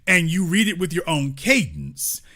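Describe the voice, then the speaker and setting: Animated, sharp-toned male talk host. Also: a little high, moderate pace. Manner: emphatic, mocking, preacher-like repetition. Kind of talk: live call-in show commentary.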